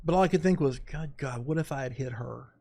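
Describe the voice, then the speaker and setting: A middle-aged man, a podcast guest, telling a story in animated, dramatic fashion with quoted asides. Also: mid-range voice, brisk, creaky. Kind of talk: casual storytelling.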